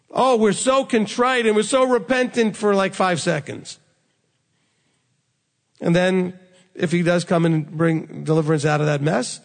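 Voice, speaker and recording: High-voiced gravelly male preacher. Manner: conversational, animated, acts out quoted speech. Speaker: rabbi teaching. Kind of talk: sermon teaching. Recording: reverberant hall sound.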